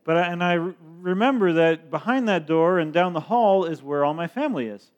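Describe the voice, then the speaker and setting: A man's voice: sits high, lively intonation, highs cut off. A man interpreting a sermon into English, often laughing and restarting his sentences. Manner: frequent laughter, halting restarts.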